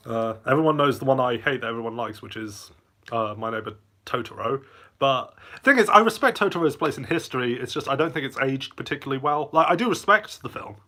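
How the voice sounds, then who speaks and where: A man's voice: mid-range voice, animated, fast talker, pushed and bright. A man hosting a casual live Q&A, reading chat aloud and rambling between bites of lunch. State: eating lunch while talking. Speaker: channel host.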